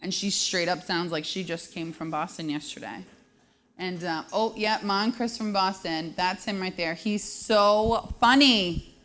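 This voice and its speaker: A woman's voice: fairly low pitch, measured pace, fairly bright tone. Female host, 30s, casual live-stream chat, self-deprecating humor. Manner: self-deprecating, joking, laughs often.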